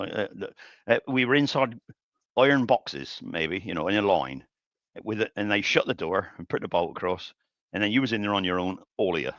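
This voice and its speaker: An older man chats through a long story on a live woodturning stream, his lowish voice bright and forceful. He rambles, restarts sentences and chuckles along the way. The sound is dry and a little dull, like lo-fi stream audio. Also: no room sound. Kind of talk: casual storytelling while working. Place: home workshop.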